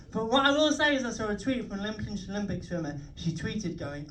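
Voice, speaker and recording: A man's voice: high voice, very animated, brisk, noisy background. A young man with a Liverpool accent doing a swearing, self-mocking stand-up set on a comedy club stage. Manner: swearing, self-mocking, chatty crowd work. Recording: live club mic heard from a distance. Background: audience laughter.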